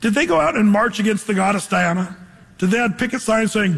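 A man teaching through a Bible passage verse by verse, reading scripture slowly and then explaining it in casual slang. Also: high-pitched, expressive, vocal fry, fairly bright tone, big-room sound.

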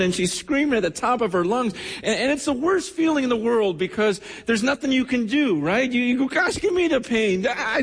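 A man delivers a sermon as pastor, his voice set a little high for a man. He tells stories with emotion, often stumbling over repeated words. The sound carries a long church-hall reverb. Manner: storytelling, emotional, many restarts.

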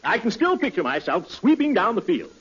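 An actor playing a pompous, boastful neighbor in 1940s radio comedy acting. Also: male voice, high voice, sing-song, brisk, fairly bright tone, breathy edge, full character voice. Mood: blustering. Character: pompous blustering neighbor man. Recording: muffled old radio broadcast.

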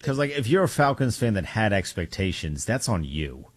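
A man's voice: fairly low pitch, very animated, normal speed, slightly rough, no echo. A man co-hosting a casual football talk show, teasing his partner in a laid-back, dry way. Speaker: sports show co-host.

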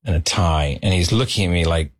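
Male podcast guest, low-ish husky voice, dry close mic, expressive storyteller who acts out quotes. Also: a little fast, no room sound. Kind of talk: animated anecdote. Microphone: studio microphone on a podcast.

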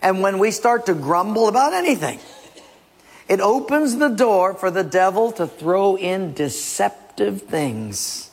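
A male pastor preaching a sermon with animated delivery, acting out little skits and quizzing the listeners. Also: sits high, a little slow, slightly rough. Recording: long hall reverb.

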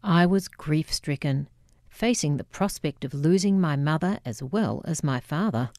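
A woman with an Australian accent reading her memoir aloud in a measured, reflective way. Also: low voice, animated, darkish tone, no room sound, studio quality. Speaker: memoir narrator. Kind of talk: scripted memoir narration.

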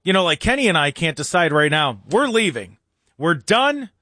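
A talk radio host chatting through his morning rundown, loose and quick to laugh. His voice sits a touch high for a man. The studio sound is dry and close. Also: very animated, bright, forceful tone, no room sound.

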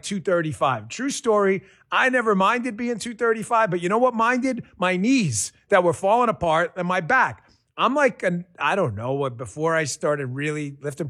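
Middle-aged man, host-read radio ad, punchy and energetic, fairly high voice, dry close sound. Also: dry recording. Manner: energetic, punchy sales pitch with big pitch jumps. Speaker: ad spokesman.

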